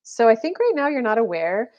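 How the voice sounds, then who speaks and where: A woman's voice: a little high, very animated, fairly quick, a little mellow, muffled recording. A woman giving a casual, chatty live-stream card reading as a spiritual coach, full of fillers and little acted-out quotes.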